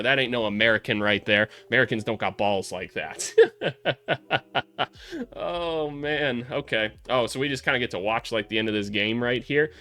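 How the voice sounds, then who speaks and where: A young man breaking down basketball film in casual, profane, excitable commentary, joking and shouting at big plays. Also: mid-range voice.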